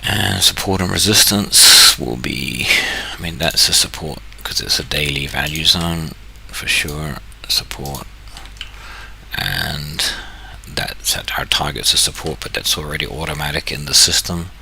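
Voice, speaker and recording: A New Zealand trading channel host casually walks through his screen share, thinking aloud, correcting himself and joking along the way. His very deep voice has vocal fry and a bright, forceful tone at a measured pace, with a slight hiss or hum in the audio.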